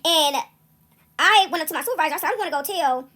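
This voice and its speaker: A young woman spins a casual story straight to her audience, her voice high and bright. She talks fast, swings all over her pitch range, and laughs along the way. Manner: animated, laughs often, talks to the audience directly.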